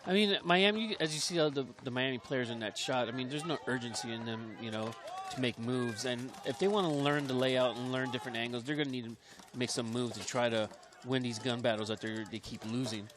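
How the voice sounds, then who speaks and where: A young man adds color commentary to a live paintball broadcast from an outdoor field. He chimes in often with quips and easygoing reactions. His voice sits at an average pitch. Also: noisy background. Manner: laid-back, quick interjections and jokes.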